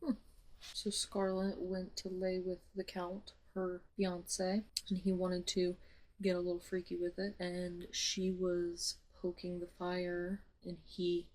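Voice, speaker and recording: A woman's voice: on the low side, gravelly, rough recording. Dramatic young woman ranting about a book. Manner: dramatic, swears freely, sudden loud outbursts. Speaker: book vlogger. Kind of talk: casual reread commentary with read-aloud passages.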